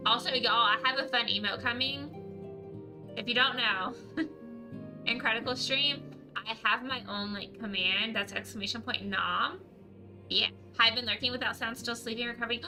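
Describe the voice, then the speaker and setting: A woman streamer chatting casually and excitably on a livestream, laughing often. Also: fairly high pitch, normal speed, over music, rough recording.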